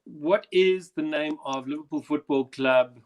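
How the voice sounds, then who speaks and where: Chatty South African quiz host. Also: male voice, a little high, unhurried. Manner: chatty, animated anecdote-telling. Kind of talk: casual quiz hosting and storytelling. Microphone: video call.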